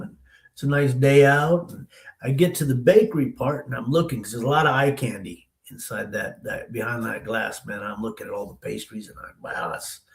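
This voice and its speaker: A man's voice: medium pitch, vocal fry, a bit bright, echoey room, rough recording. A man from the Denver area telling a long story as an interview guest, in a loose, slangy way with lots of "man" and "you know". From Denver area, USA.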